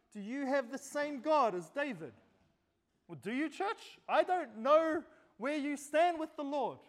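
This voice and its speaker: A man preaching a sermon, speaking straight to the congregation and posing rhetorical questions. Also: very high voice. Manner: addresses listeners directly with rhetorical questions. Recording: long hall reverb.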